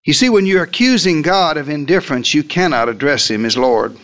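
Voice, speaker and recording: Male preacher, high voice, dramatic pulpit delivery with slowed quoted lines. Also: expressive, fairly bright tone. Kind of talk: sermon.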